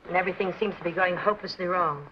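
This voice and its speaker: An actress playing a breezy, headstrong society wife in a 1940s film, flippant and unflappable. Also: female voice, on the low side, racing, a little hiss or hum, close to an everyday voice. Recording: dull old film soundtrack.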